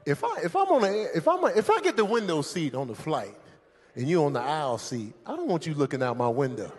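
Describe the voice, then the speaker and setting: A man doing live stand-up comedy on stage, animated and loud, shouting out his impressions of airport staff. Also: a little high, a little fast, a little hiss or hum. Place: comedy stage with a laughing audience.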